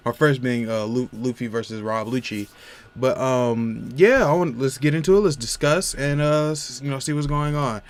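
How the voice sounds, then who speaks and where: A man giving a casual, rambling recap of a comic chapter, full of fillers and restarts. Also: mid-range voice. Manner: rambling, many fillers like "you know what I'm saying". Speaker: manga reviewer.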